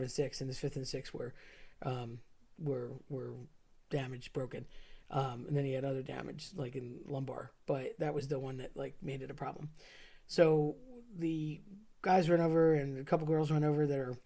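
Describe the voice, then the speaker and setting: Casual storyteller, rambling, fillers, restarts, middle pitch. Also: darkish tone.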